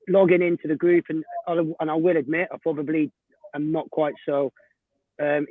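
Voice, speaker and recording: A fairly high-voiced man chats over a video call, joking at his own expense. The line sounds thin and phone-like, and very dry. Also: dry recording. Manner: warm, self-deprecating, laughs often. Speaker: website volunteer, regular guest. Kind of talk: casual video call chat. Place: home in Australia.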